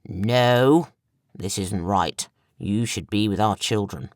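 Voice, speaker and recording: Woman playing a weary distraught king, pained, fearful, a bit lower, dry sound. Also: slow pace, darkish tone, no room sound. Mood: anguished.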